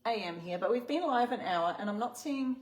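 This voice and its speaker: A woman's voice: a little high, lively intonation, brisk. Chatty Australian woman hosting a livestream. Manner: chatty, reads viewer comments aloud. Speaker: host of a craft livestream. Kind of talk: casual live-stream chat.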